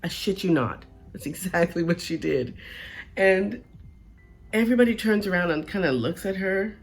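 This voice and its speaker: A woman's voice: on the low side, normal speed, soft background music. Chatty woman telling a work story. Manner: chatty, animated, keeps checking in with "right?" and "okay?". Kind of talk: casual storytelling.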